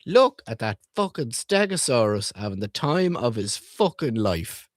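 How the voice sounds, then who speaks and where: Lively foul-mouthed man riffing on books. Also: mid-range voice, unhurried, dry recording, clean studio sound. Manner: profane, irreverent and jokey; asks the viewers questions. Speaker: streamer reviewing children's books. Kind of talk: casual comedic commentary reading aloud.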